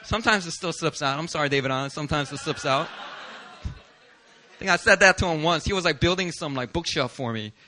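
A male pastor from Philadelphia preaching a sermon in an animated, self-deprecating way, often laughing. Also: on the high side, a little fast.

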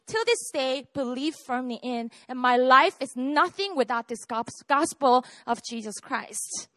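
Woman, 30s, preacher, high voice, dry close sound. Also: bright, forceful tone, no echo. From South Korea. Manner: conversational, often asks "right?" and "okay?". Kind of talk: sermon with personal testimony.

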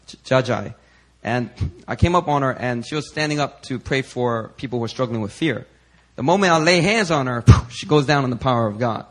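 A man preaching, telling a chatty testimony in an animated, storytelling way with lots of fillers. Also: medium pitch.

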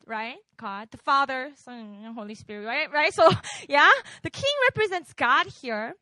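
Her high, bright voice sounds pushed as this woman preacher, who isn't from America, chats through a casual sermon for a young congregation. She quizzes them again and again with "right?", and the recording is dry.

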